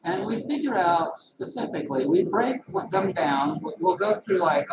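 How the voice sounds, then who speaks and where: A man hosting a casual live-stream monologue as a holistic health practitioner, chatty and animated, laughing at his own jokes. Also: a little high, normal speed, few pauses, dull audio, heavy background noise.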